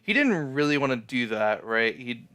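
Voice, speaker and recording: A man's voice: medium pitch, big pitch swings, normal speed, bright, forceful tone, clean tone. A young man in a casual, rambling anime episode recap, full of fillers and swearing. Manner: rambling, frequent fillers and profanity. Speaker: anime reviewer.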